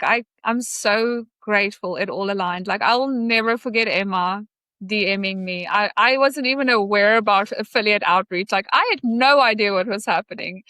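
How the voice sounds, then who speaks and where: A woman's voice: medium pitch, sharp tone, clean tone, dry recording. A woman guesting on a podcast, talking in a gushing, grateful way, with many fillers. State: emotional. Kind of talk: casual interview conversation.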